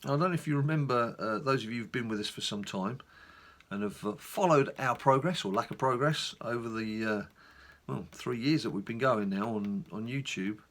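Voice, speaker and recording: A middle-aged man from England, chatting casually in a rambling, animated way on his gaming vlog. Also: medium pitch, normal speed. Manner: animated storyteller, rambling asides. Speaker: gaming YouTuber.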